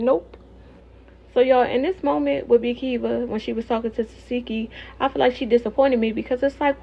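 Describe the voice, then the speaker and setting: A woman recaps a reality show in casual talk, animated and opinionated as she speaks straight to her viewers. Her voice sits fairly high. The recording sounds dull and lo-fi. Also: creaky.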